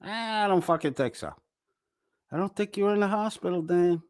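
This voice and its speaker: A man's voice: sits high, normal speed, darkish tone, no echo, studio quality. A man hosting a reaction commentary, ranting angrily and mocking with heavy swearing. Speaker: commentary channel host.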